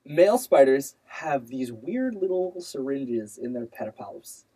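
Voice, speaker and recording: A man's voice: medium pitch, very animated, a little slow, mellow, breathy edge, rough recording. Playful man explaining things casually. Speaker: podcast host explaining spider facts. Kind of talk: casual chat.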